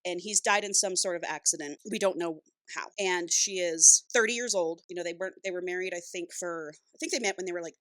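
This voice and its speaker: A young woman co-hosting a casual podcast, excitedly retelling a novel, gushing, and laughing often. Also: lowish voice, quick pace, few pauses, dry recording. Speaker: podcast co-host.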